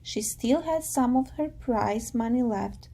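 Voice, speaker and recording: A woman teacher reads a novel aloud to her class in a calm, patient way. Her voice sits fairly high and carries a gravelly texture, with a mellow, soft tone. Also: unhurried. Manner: calm, patient, guiding students.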